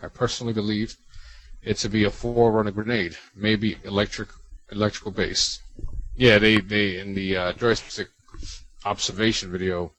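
A man's voice: lowish voice, level tone, normal speed, a bit bright, low-quality recording. Rambling male podcast co-host. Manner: rambling, reads listener mail. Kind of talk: casual podcast chat.

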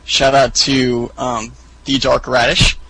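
A man's voice: level tone, slow, sharp tone, slightly rough, poor audio. A man co-hosting a podcast in casual chat, telling stories and acting out quotes with a rambling manner. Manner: rambling storyteller who acts out quotes in high squeaky voices. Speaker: podcast co-host.

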